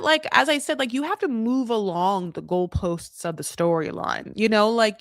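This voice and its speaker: A woman's voice: medium pitch, fairly bright tone, smooth, dry recording, studio quality. Blunt, rambling woman recapping reality TV. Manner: rambling, full of "like" and swearing; opinionated and blunt. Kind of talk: casual live recap commentary.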